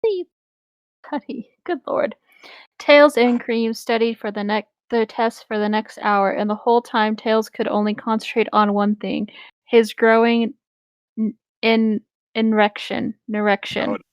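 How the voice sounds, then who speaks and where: A woman's voice: fairly high pitch, flat delivery, a little slow, clean tone, no room sound. A woman narrating a silly fan story aloud in an amused, wry manner. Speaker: reader. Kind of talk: comic read-aloud.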